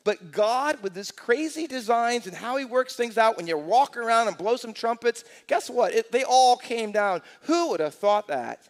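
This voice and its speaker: A man's voice: very high voice, moderate pace, few pauses. 60s pastor guy preaching in a big echoey church, lots of rhetorical questions. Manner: energetic storytelling with rhetorical questions. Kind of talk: sermon. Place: church sanctuary. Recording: long church hall reverb.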